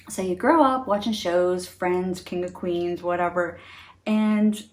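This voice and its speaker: A woman's voice: lowish voice, slow, darkish tone. A middle-aged woman in a casual talk to camera, chatty and earnest, laughing often. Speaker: beauty vlogger.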